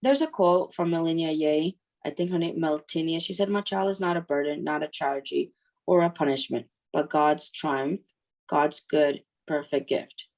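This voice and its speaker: A low-pitched woman. She talks as a guest in a relaxed interview, telling stories and slipping into the voices of the people she quotes. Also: moderate pace. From Ukraine. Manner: lively storytelling that acts out quoted voices. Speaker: guest, mother. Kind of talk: casual interview.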